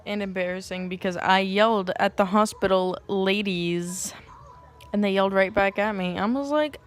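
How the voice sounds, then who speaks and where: A young woman vlogger, with a medium-pitched voice and a slightly slow pace, tells a personal story to camera in a casual vlog. She's animated, acting out what people said in shifting voices. Crude jokes, asides and laughter run throughout.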